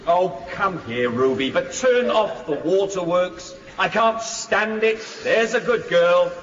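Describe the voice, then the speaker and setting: A bullying, scornful husband on a dull, echoey radio broadcast. He sits high and swings his lines about. The sound is roomy with a long tail. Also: lively intonation, slow pace. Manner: grumbling, scornful, rising to shouts. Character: surly working-class husband in a stage play, bullying. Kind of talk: 1950s-set radio comedy-drama.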